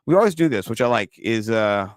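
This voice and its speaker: A man co-hosting a casual fantasy football show, joking and swearing through lively banter. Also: lowish voice, brisk, no room sound. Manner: joking, profane, animated banter. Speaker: podcast co-host.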